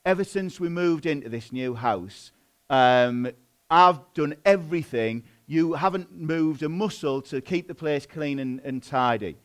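A man's voice: on the high side, unhurried, lightly acted. A man doing a fed-up young wife. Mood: exasperated. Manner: exasperated, complaining.

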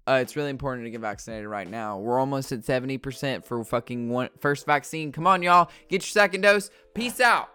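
A podcast host in a casual rambling monologue, swearing freely and telling stories in an animated way with many fillers and restarts, talking at a desk indoors. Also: mid-range voice, fairly quick, few pauses, clean tone. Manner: profane, ranting storyteller.

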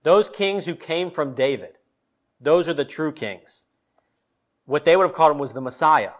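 A male pastor preaching a sermon, emphatic, with loud peaks and pointed questions to the congregation. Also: a little high, expressive, moderate pace.

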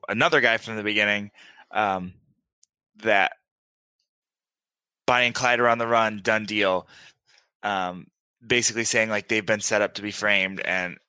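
A man's voice: lowish voice, fairly even intonation, unhurried, pauses often, bright, forceful tone, smooth, dry recording. A man co-hosting a casual podcast, recapping at length with lots of fillers and laughter. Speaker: podcast co-host. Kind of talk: casual chat.

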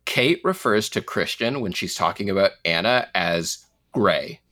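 A man's voice: lively intonation, unhurried, bright, forceful tone. Laughing man chatting on a podcast. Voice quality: laughs often, wide-ranging pitch. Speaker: podcast co-host. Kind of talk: casual chat.

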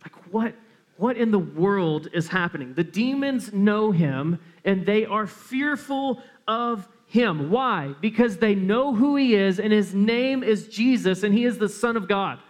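High-voiced man preaching a sermon. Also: lively intonation, measured pace. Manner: earnest preaching, repeats phrases for emphasis. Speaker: pastor.

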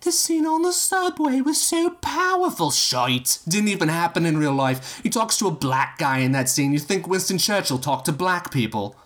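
A man's voice: sits high, big pitch swings, moderate pace, hardly any pauses, fairly bright tone, pitched above the performer's own voice. A man reading a story aloud and voicing a snobbish man who sneers and mocks a film. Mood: sneering. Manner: mocking, sneering.

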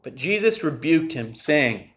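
A man's voice: fairly high pitch, big pitch swings, a little slow, fairly bright tone. A man preaching a sermon to his congregation, earnestly asking them questions and reading scripture. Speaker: pastor.

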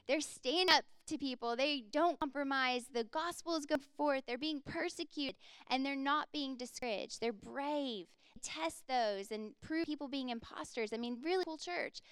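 A woman's voice: fairly high pitch, fairly bright tone, clean tone, dry recording. A woman in her thirties preaching a sermon as a pastor, earnest and conversational, with frequent casual fillers.

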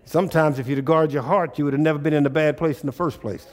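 A man preaching a sermon in a call-and-response style, often climbing into loud exhortation. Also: a little high, steady tone, fast talker. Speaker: pastor.

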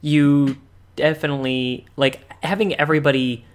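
A man's voice: fairly high pitch, steady tone, normal speed. A man co-hosting a podcast in casual chat, often stumbling over and repeating words with a wry tone. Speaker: podcast co-host.

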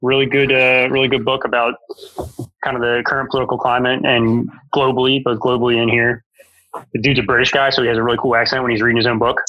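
A man co-hosting a podcast, chatting casually with friends and reading an ad in a relaxed, easygoing way. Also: medium pitch, fast, dry recording, dull audio. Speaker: podcast co-host. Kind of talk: casual chat and sponsor read.

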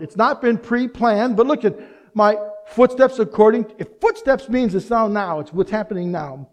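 Man, pastor, lively sermon, high voice, rhetorical questions, humorous asides. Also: normal speed.

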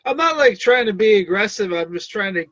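A man's voice: sits high, lively intonation, brisk, fairly bright tone, dry recording, dull audio. A man playing a tabletop game, talking hesitantly with many fillers. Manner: hesitant, full of "like". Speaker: player.

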